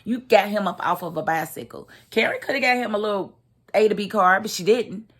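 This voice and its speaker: A woman giving a casual, expressive recap of a TV episode, laughing and acting out the characters' lines. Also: mid-range voice, a little fast, slightly rough. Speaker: TV recap host.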